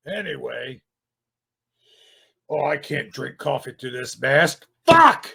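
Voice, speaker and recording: Gravelly, cursing man on a rant. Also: mid-range voice, very animated, slow pace, pauses often. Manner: angry, sarcastic, swears and shouts. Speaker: YouTube channel reviewer. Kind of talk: ranting video commentary.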